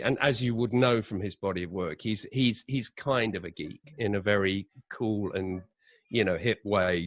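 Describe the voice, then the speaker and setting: Director type, low voice, dry close recording, anecdotal and animated. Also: male voice, no room sound. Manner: animated anecdotes with acted-out quotes. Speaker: audio drama director, interview guest. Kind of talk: conversational interview storytelling.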